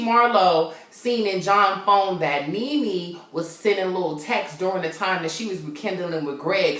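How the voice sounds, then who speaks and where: A woman's voice: lowish voice, a bit bright, echoey room. A woman giving a brash, profane, sassy commentary on a reality TV reunion in casual chat. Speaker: reality TV recap vlogger.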